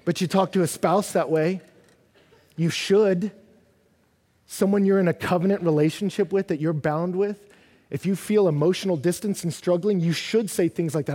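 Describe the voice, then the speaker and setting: A man preaching a sermon, earnest and building from quiet passages to loud, intense ones. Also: high-pitched, moderate pace, slightly rough. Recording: long reverb of a large hall.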